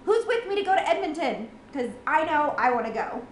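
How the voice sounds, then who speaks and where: A woman's voice: sits high, big pitch swings, fairly quick, a little hiss or hum. A woman in a home room, venting in an exasperated, sarcastic rant full of swearing on a gaming reaction vlog. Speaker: gamer reacting to a game ending. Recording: echoey room.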